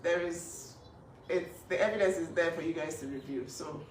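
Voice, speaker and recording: Woman defending her sister on camera, forceful and indignant, recorded at a distance in a reverberant room. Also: lowish voice, normal speed. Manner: emphatic, indignant, restarts often. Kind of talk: emotional vlog statement. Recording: echoey room, distant mic, faint noise.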